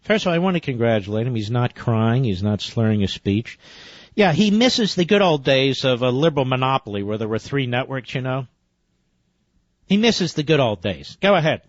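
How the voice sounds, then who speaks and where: A man's voice: medium pitch, lively intonation, normal speed, dry recording. A man hosting a talk radio show, interrupting a played clip with sarcastic, combative commentary. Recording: dull lo-fi radio broadcast.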